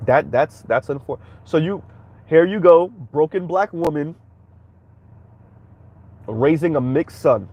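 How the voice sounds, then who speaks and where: A man's voice: a little high, slow, long pauses, darkish tone. A man hosting a commentary stream, reacting bluntly and heatedly while speaking straight to his viewers. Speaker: commentary channel host.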